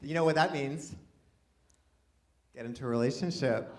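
A man's voice: a little high, expressive, moderate pace, pauses often. A man performing a stand-up comedy set, chatty and self-deprecating, rambling with restarts. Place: comedy venue, live audience. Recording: live venue with audience laughter.

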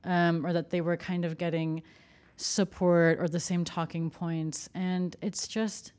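Lower-pitched woman, chatty journalist. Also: flat delivery, unhurried, a little mellow. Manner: chatty, frequent "like" and "you know". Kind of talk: casual conversation.

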